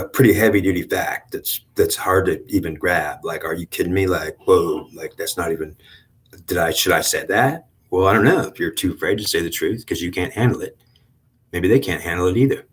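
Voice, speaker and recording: Deep-voiced male host, casual and halting, rambling spiritual talk. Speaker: channel host.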